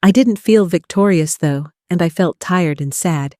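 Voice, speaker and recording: An older woman narrating a first-person story in an even delivery, linking long chains of clauses with "and". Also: lowish voice, unhurried, no room sound, clean studio sound.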